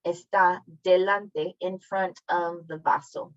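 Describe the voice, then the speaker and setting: A woman's voice: lowish voice, fairly even intonation, takes it slowly, dry recording, lo-fi sound. A woman teaching a Spanish class over a video call, explaining grammar in a friendly, chatty way and often apologizing. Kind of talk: online class lesson.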